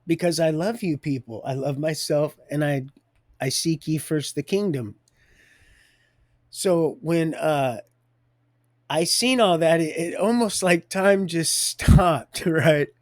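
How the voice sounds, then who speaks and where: A man's voice: on the high side, slow pace, no room sound, clean studio sound. A man hosting a live stream, telling a faith story in a rambling way, often laughing mid-sentence and repeating his words.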